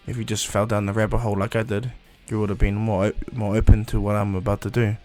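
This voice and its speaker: A man's voice: fairly low pitch, little pitch movement, quick pace, darkish tone, soft background music, lightly acted. A man voicing a bitter, scornful young male ninja with a mocking manner.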